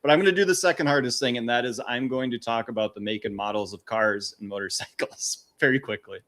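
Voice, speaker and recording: A man co-hosting a casual film podcast, recapping the plot in a relaxed way with plenty of fillers. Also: mid-range voice, quick pace. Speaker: podcast co-host.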